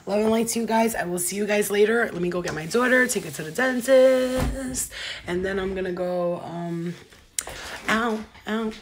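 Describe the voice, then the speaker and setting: An excitable woman talks her way through a tarot reading, gasping, exclaiming and cursing freely. Her voice sits at an ordinary middle pitch. A steady hiss of background noise and occasional clicks run under the recording. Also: normal speed. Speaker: tarot reader. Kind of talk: casual tarot reading to camera.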